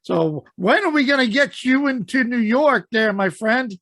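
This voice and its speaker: Gravelly, high-voiced enthusiastic radio host. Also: male voice, expressive, normal speed, fairly bright tone, dry recording. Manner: enthusiastic, promotional, many fillers. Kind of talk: casual interview chat.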